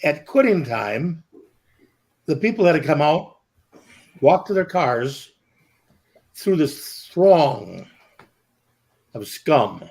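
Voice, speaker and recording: Casting: man with a slightly raised pitch, teasing co-host spinning yarns in casual chat. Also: big pitch swings, slow pace, vocal fry, long pauses, darkish tone. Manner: teasing, sets up stories about his friend. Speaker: podcast co-host.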